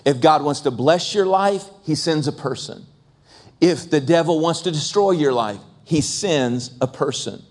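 Man preaching, slow drawn-out emphasis, fairly high voice, lists things over and over. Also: expressive. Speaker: pastor. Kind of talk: sermon.

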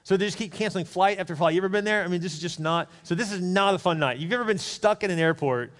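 A male pastor rattles through a story from the pulpit, his slightly bright voice pitched a little high for a man. He speaks candidly and chattily, tossing quick asides to the congregation in this storytelling sermon. The church hall adds long, ringing reverb.

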